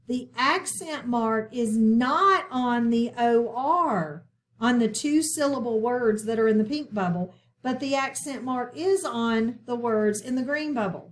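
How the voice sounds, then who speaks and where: A woman teaching a recorded phonics lesson, patient and checking in often with her listeners. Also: sits high.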